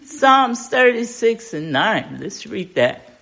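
An older woman leads a relaxed Bible study, speaking slowly with a lively, rising-and-falling voice. She is folksy and conversational and keeps asking her listeners questions. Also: a little high, creaky. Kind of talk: informal Bible study teaching.

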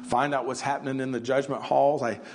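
A man's voice: medium pitch, little pitch movement, brisk, lightly acted. A man voicing the apostle Peter's uneasy thoughts, hesitant and stammering. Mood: worried. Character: the apostle Peter, anxious troubled grown man.

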